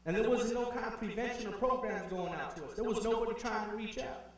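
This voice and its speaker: A man's voice: high-pitched, fast talker. Man speaking in an echoey hall. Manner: animated, acts out quoted voices. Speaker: conference speaker. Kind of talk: personal storytelling speech. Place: large conference hall. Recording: echoey hall from far off, faint hum.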